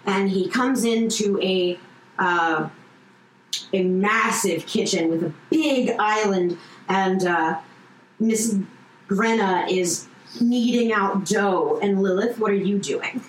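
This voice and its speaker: A woman's voice: medium pitch, takes it slowly. A woman running a tabletop game as game master, narrating scenes in a casual way with frequent fillers. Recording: echoey room, faint noise.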